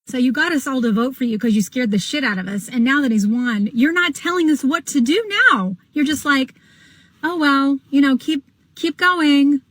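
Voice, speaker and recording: A woman's voice: high voice, animated, fairly quick, few pauses, a bit bright, slight background noise, rough recording. A woman ranting angrily and bluntly to camera, swearing often.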